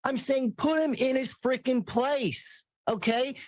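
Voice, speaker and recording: A man's voice: very high-pitched, takes it slowly, a little mellow, no echo. A man delivering a heated, sarcastic political rant as a commentary host. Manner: ranting, sarcastic, mimics people in quotes.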